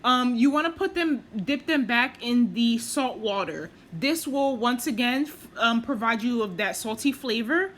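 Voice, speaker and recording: Explaining every step of her cooking video, a female vlogger speaks casually and pokes fun at herself, leaning on many fillers. Her voice sits a little high and sounds animated and a bit bright, and she keeps a measured pace with hardly any pauses.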